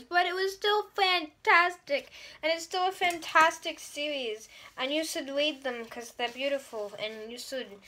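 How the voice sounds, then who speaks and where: Bright, high-voiced gushing young woman. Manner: gushing, dramatic, acts out her own reactions. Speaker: book reviewer. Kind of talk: casual book review vlog.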